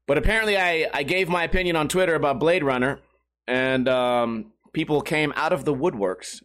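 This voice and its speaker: A man ranting casually to his viewers, swearing often and rambling with restarts. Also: on the high side. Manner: profane, animated, rambling with restarts. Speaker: talker addressing viewers.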